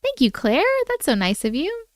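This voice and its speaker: A woman's voice: sits high, sing-song, moderate pace, no room sound, studio quality. A woman hosting a live stream from home, chatting casually and bubbling as she reacts to viewers' comments.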